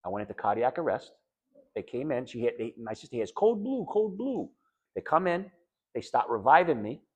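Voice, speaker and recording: A man's voice: mid-range voice, a little fast, breathy edge, lo-fi sound. Blunt, emphatic middle-aged man. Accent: New England. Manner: blunt, emphatic, conversational, quotes others in animated voices. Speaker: patient speaker sharing his story. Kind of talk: candid personal talk to an audience.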